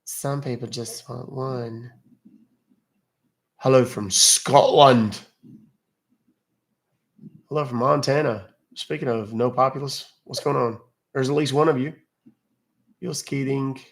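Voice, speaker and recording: A Texas man with a medium-pitched, creaky voice hosts a casual live stream at a normal pace and a steady tone. He chats loosely, cracks jokes, and reads viewer comments aloud.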